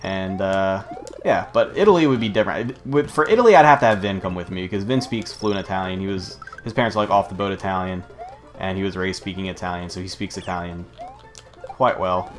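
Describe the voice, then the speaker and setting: An American man with a fairly low voice, narrating a video game playthrough. He wanders between tangents and the game, cursing casually as he talks. Faint music sits in the background. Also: brisk. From United States. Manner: rambling, profane, easily sidetracked. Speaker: let's play host. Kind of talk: gameplay commentary.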